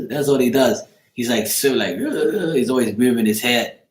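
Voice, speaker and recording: A man's voice: mid-range voice, sing-song, slow, a little mellow, reverberant. A man hosting a casual livestream as a card reader, rambling and joking with some profanity. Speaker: card reader and channel host.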